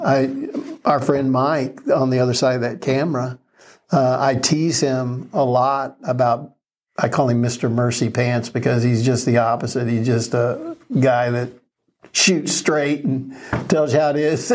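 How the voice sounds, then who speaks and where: Man, pastor, conversational faith talk, earnest storytelling, mid-pitched voice. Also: a little slow, a little mellow, slight background noise.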